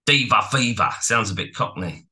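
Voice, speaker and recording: A man co-hosting a casual music podcast, telling stories in a rambling, animated way. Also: on the low side, moderate pace. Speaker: podcast co-host. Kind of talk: casual chat about music.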